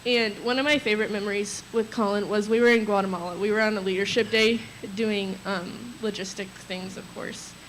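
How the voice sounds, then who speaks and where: A woman's voice: mid-range voice, steady tone, fairly quick, few pauses, a bit bright, slight background noise, low-quality recording. A young woman sharing nervous, chatty memories of a friend at a memorial, laughing through her stories. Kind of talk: memorial tribute, storytelling.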